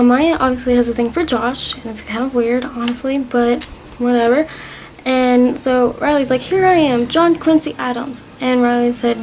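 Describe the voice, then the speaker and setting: A woman's voice: fairly high pitch, slight background noise, poor audio. A young woman vlogger casually recapping a TV season, rambling and gushing as she retells scenes.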